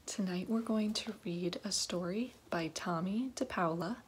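A woman, a youth ministry coordinator, reading a bedtime story aloud with expressive, often hushed narration. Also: on the low side, unhurried, a little hiss or hum.

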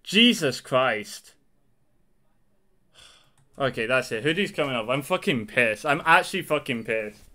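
A man's voice: mid-range voice, expressive, a little fast, hardly any pauses, bright, forceful tone. A man reacting live to card game news, exasperated and angry, swearing heavily. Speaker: card game content creator.

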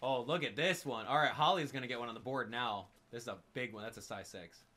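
A man giving live commentary on a game stream, excitable and exclaiming as he rants in frustration. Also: medium pitch, fast, slight background noise.

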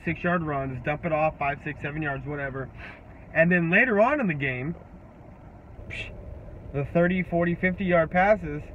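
A young man ranting to camera as a sports fan vlogger, profane and trash-talking. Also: fairly high pitch. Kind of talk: heated sports rant to camera. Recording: dull lo-fi audio with faint background noise.

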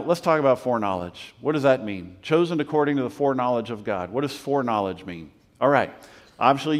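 A male pastor delivers a sermon in a conversational yet emphatic way, repeating key points and checking in with his listeners. His voice sits at a middle pitch. The recording carries the long reverb of a church sanctuary. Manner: conversational preaching with emphatic repetition.

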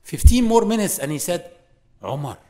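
A man's voice: on the high side, expressive, moderate pace. Man lecturing, storytelling with acted dialogue. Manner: storytelling, acts out dialogue, varied loudness. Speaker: Islamic lecturer.

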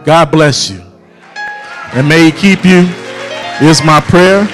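A man preaching a sermon in a church, rising into a shouted, chanted whooping cadence and drawn-out phrasing. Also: fairly high pitch, music in the background. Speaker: pastor. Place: church sanctuary.

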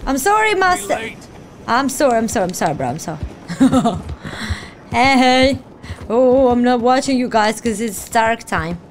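A woman hosting a let's-play video, giving excitable, playful reaction commentary and teasing the game characters. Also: high-pitched, a little hiss or hum. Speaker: gaming video host.

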